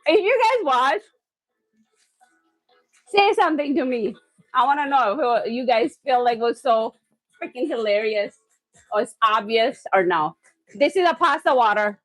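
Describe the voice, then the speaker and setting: A woman hosting a live cooking stream from her home kitchen, excitable and loud, often laughing at herself as she chats with viewers. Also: a little high, unhurried, long pauses, no room sound, faint music behind.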